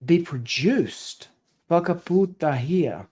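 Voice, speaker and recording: A man's voice: on the high side, animated, slow pace, a little mellow, husky. A man working through a translation aloud, tentative and self-correcting as he muses over each word. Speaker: scripture study presenter.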